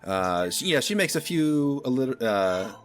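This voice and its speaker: A man narrating a tabletop game as game master in a relaxed, rambling way, often pausing with fillers. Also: medium pitch.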